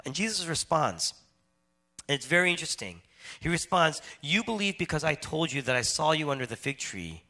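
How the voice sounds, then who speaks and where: A man preaching a sermon, swinging between loud emphatic stretches and hushed, quiet ones. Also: fairly high pitch, very animated, brisk. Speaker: pastor.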